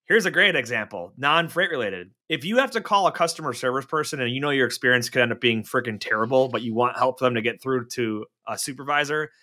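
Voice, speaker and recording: A man's voice: mid-range voice, animated, quick pace, hardly any pauses, sharp tone. A man co-hosting a podcast in casual chat, chatty and full of joking asides. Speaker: podcast co-host.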